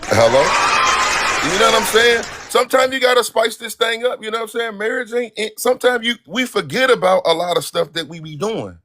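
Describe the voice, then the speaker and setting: A man appearing as a guest on a live stream, giving advice in an animated, preachy way. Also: high-pitched, a little fast. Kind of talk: casual live stream chat.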